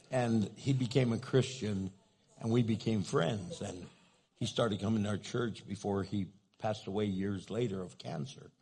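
A man's voice: mid-range voice, vocal fry, mellow. A man preaching a sermon as pastor, telling a story in a loose, conversational way full of fillers.

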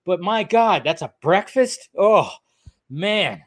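A man's voice: sits high, expressive, slow pace. A man hosting a podcast, rambling through entertainment news with plenty of fillers, swearing and laughs. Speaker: podcast host. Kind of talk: casual solo news chat.

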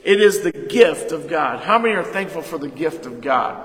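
A man preaching a sermon as pastor, leading call-and-response and retelling a conversation, with sudden loud emphasis. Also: fairly high pitch, expressive, normal speed. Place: church sanctuary. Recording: echoey hall reverb.

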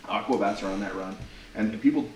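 Fast-talking middle-aged man, distant in a roomy space. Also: fairly low pitch. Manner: rambling storyteller, swears often. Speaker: podcast co-host. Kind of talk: casual chat. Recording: roomy, distant mic with faint hiss.

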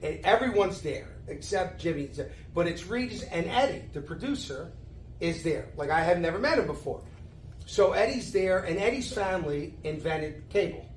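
A man in his sixties, a podcast guest telling a story in an animated, casual way. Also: high-pitched, a little hiss or hum. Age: 60s. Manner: animated storyteller, acting out others' voices. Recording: echoey room.

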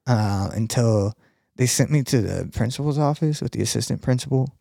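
A man co-hosting a casual podcast with a gravelly, fry-edged voice. He rambles through a story, stopping for fillers and laughing along. The sound is dry and close. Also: mid-range voice, moderate pace, mellow, dry recording. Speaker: podcast co-host. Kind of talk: casual chat.

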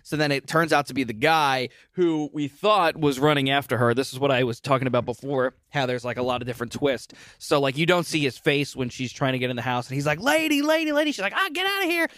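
A man's voice: medium pitch, steady tone, brisk, few pauses, a bit bright, dry recording. A man co-hosting a casual movie review, animatedly retelling scenes and acting them out in put-on voices. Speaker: co-host of a movie review show.

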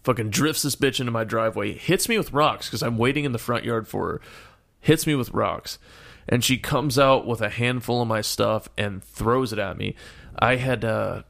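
A young man telling a profane, animated story in casual chat, bursting into shouts and laughter. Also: medium pitch, normal speed, gravelly.

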